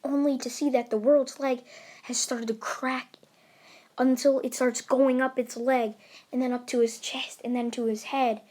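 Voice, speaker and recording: A woman's voice: high-pitched, level tone, measured pace, a little mellow. Rambling woman telling a fan story. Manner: rambling, with many fillers and restarts. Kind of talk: improvised fan story narration.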